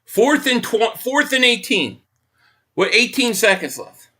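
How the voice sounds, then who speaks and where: An angry man hosting a live reaction stream for a football game swears bluntly and keeps returning to the same complaint while reading viewer messages. His tone is bright and forceful, with big pitch swings from line to line, and he speaks unhurriedly.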